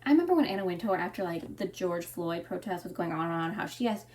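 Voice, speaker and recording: A woman's voice: on the low side, lively intonation, fast talker, few pauses, darkish tone, far from the mic. A young woman ranting in a casual, opinionated way, full of fillers and restarts. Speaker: fashion commentary vlogger. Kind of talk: casual rant.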